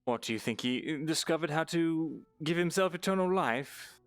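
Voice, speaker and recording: Soft music plays behind a man whose voice is on the high side and expressive as he voices a wary, rule-following scribe in a live fantasy roleplay. He speaks at a moderate pace, full of hesitant fillers and dry understatement, with no room sound.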